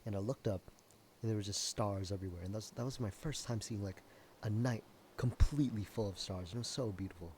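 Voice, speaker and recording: Young man, casual game commentary, low mellow voice, rambling and jokey, faint noise behind. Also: fairly quick. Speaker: gameplay streamer.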